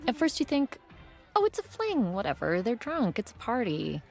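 Casting: a heartbroken confidante, gravelly voice, music underneath. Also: female voice, on the high side, wildly swooping pitch, moderate pace, a little mellow, full character voice. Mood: wistful.

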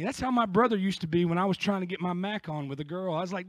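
A man's voice: sits high, quick pace, dry recording, studio quality. A man from the United States, a pastor preaching an impassioned sermon with joking asides.

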